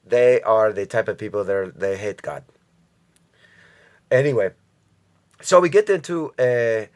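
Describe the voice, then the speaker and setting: A man's voice: medium pitch, a bit bright. A man from the United States giving a rambling, casual vlog monologue, talking straight to his viewers with frequent profanity and chuckles. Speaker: vlogger commentator.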